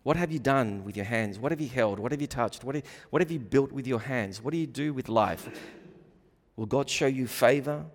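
A man preaching a sermon, animated and swinging between loud emphasis and hushed asides, acting out quoted voices. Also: mid-range voice, moderate pace. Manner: animated, acts out quoted voices, rising and falling loudness. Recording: long reverb of a large hall.

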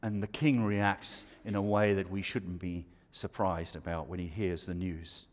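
A man's voice: sits low, little pitch movement. A man preaching a sermon, explaining scripture verse by verse and asking the listeners rhetorical questions. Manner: expository, rhetorical questions, pauses. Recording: long reverb of a hall.

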